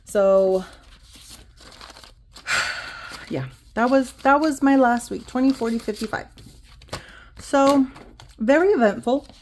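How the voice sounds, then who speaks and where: A woman's voice: on the high side, takes it slowly, long pauses, background noise. A woman in her thirties, a budgeting vlogger, chatting casually to her viewers while she counts cash into envelopes. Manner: rambling, chatty, talks straight to viewers, counts bills aloud.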